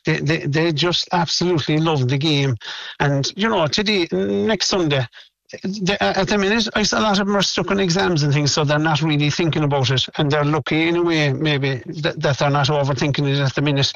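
A man's voice: on the high side, fairly even intonation, fairly quick, vocal fry, fairly bright tone, dry recording, highs cut off. A middle-aged Irish man, a club official and proud parent, giving a radio interview and often repeating words as he searches for them.

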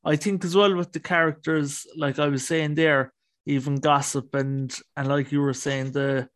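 A man's voice: a little high, level tone, normal speed, no echo. A man hosting an interview podcast, asking loose, rambling questions with fillers. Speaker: podcast host. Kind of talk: casual interview chat.

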